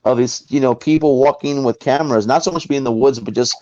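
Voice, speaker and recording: A man's voice: medium pitch, fast talker, dry recording, muffled recording. A man guest on a talk show tells a personal story in a casual way, acting out the people in it. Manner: animated, acts out the people in his story.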